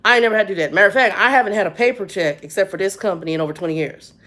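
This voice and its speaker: A woman vlogger in her 50s fires off a story rapidly in a mid-range voice. It's casual, chatty and animated, with lots of quoted speech.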